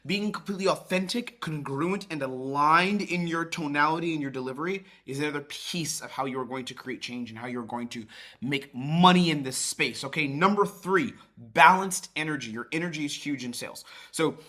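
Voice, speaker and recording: A man's voice: a little high, moderate pace, pushed and bright. A man coaching sales, talking casually and acting out bits of calls to show each tone. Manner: demonstrates tones by acting out calls; casual, swears, many restarts. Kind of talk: sales training talk.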